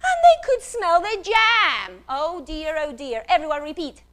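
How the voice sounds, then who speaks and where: A woman's voice: sits high, very animated, a little slow, a bit bright. A woman giving a talk on phonics, playful and theatrical, leading the audience to repeat sounds. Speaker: phonics teacher and speaker. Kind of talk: animated talk with classroom demonstration. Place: stage before an audience.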